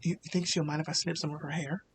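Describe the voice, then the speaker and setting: A man's voice: fairly high pitch, level tone, fast, a little hiss or hum, natural voice. A man voicing a creepy young male anime-obsessed customer who talks in a mumbled, rambling way. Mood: mumbling.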